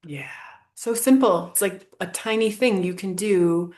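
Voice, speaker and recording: A woman's voice: medium pitch, unhurried, darkish tone. A woman hosting a podcast, enthusiastic and affirming, laughing often in casual conversation. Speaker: podcast host.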